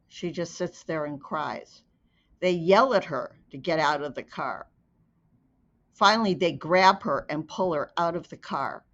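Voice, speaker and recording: Slow, deliberate woman storyteller. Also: fairly low pitch, a bit bright. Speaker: advocate narrator. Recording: dull lo-fi recording.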